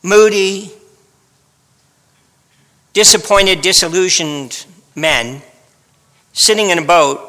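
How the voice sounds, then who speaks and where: A man's voice: high voice, bright, forceful tone, long reverb tail. A man preaching a sermon in a wry, dramatic storytelling manner. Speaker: pastor.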